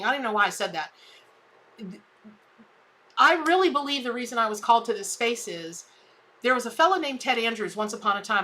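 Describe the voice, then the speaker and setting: A middle-aged woman giving a live tarot reading, chatty and heartfelt, often restarting her sentences and jumping high when excited. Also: low-quality recording. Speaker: tarot reader and medium.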